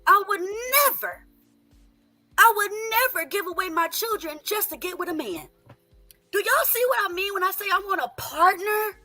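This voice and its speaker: A woman, a mother, talking in an excitable, emphatic way with some profanity in casual chat. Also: very high voice, moderate pace, soft background music. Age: adult mother.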